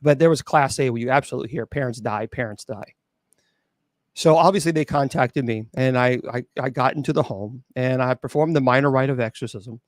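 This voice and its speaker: A man, a bishop and exorcist, telling a spooky true story at an open mic, halting with restarts and incredulous asides. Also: medium pitch, dry recording, studio quality. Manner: halting, with many restarts and fillers.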